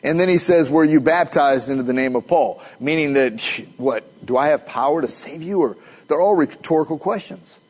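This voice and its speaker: A man's voice: a little high, moderate pace, darkish tone, slightly rough, muffled recording. A man preaching a sermon in a conversational way, asking his listeners questions as he goes. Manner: conversational, asks the audience questions.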